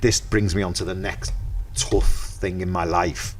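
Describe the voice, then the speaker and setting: A middle-aged man with a Merseyside accent, a podcast guest in casual chat, telling lively anecdotes and acting out the dialogue. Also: sits low, unhurried, a little hiss or hum. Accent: Merseyside English. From Merseyside, England.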